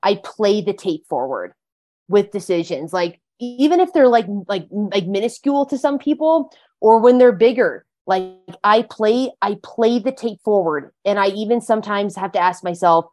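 A woman's voice: mid-range voice, animated, normal speed, darkish tone. A woman guest talking earnestly about recovery, leaning on frequent "like" fillers as she goes. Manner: earnest, heavy use of "like" fillers. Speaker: podcast guest. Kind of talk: casual conversation about recovery.

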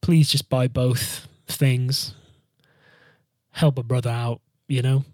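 Recorded in studio quality with no echo, a young man speaks slowly in a mid-range voice. As a band frontman hosting a podcast, he tells a casual travel story, animated and freely profane, acting out what people said to him.

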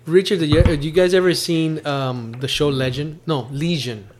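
A man hosting a casual chat at home, talking in an animated, rambling way with many restarts. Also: fairly high pitch, normal speed, a little hiss or hum. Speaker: podcast host. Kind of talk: casual chat reviewing a TV series.

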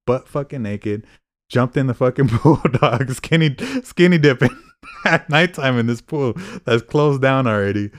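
A man's voice: mid-range voice, unhurried. A young man casually telling drunken stories on a podcast, swearing freely and laughing as he goes. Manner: profane, laid-back storytelling with laughs. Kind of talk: casual storytelling chat.

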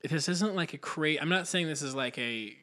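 A man's voice: a little high, moderate pace, bright, forceful tone. A man hosting a podcast, talking casually with a guest, rambling and giving many short affirmations. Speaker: podcast host. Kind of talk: casual interview chat.

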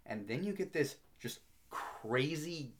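A man's voice: a little high, expressive, slow pace. Man telling film history anecdotes. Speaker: podcast co-host. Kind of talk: casual film discussion, storytelling.

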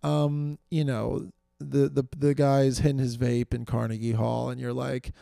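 A man's voice: medium pitch, level tone, measured pace, vocal fry, dark tone, dry recording, studio quality. A man from New York hosting a solo podcast, rambling with lots of fillers and self-deprecating asides, tired as he goes. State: tired, fading energy. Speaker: podcast host.

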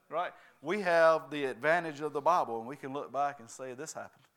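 A man's voice: a little high, fairly quick, a bit bright. A man preaching a sermon, constantly checking in with his congregation by asking "right?" and "amen?".

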